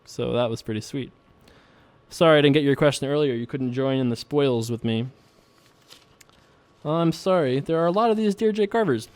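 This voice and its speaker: A man's voice: mid-range voice, moderate pace, pauses often, darkish tone, clear, resonant tone. A young man hosting a poker video, chatting casually, laughing often and talking through his hands.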